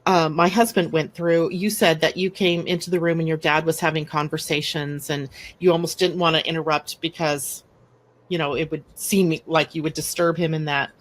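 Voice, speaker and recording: A middle-aged woman hosting a live astrology show, chatting casually and telling stories with lively acted-out quotes. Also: low-pitched, moderate pace. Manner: animated storyteller who acts out quoted speech. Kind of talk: casual conversational storytelling.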